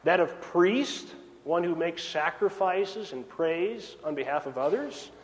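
A man preaching a sermon, swinging between raised emphasis and hushed, drawn-out phrases. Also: a little high. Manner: dramatic swings from loud to hushed. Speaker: pastor. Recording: long reverb of a large hall.

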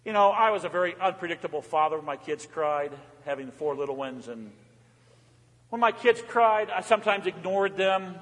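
A middle-aged man, a pastor, giving a fervent sermon in a church, moving between raised cries and soft, low asides. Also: brisk. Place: church sanctuary. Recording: reverberant church hall.

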